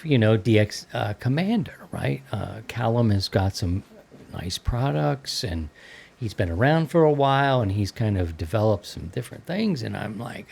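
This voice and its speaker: A middle-aged man hosts a casual hobby podcast in a lowish voice. He rambles easily from thought to thought, dotting his talk with fillers. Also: gravelly, darkish tone, husky. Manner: rambling, easygoing, many fillers. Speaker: podcast host. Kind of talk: casual ham radio chat.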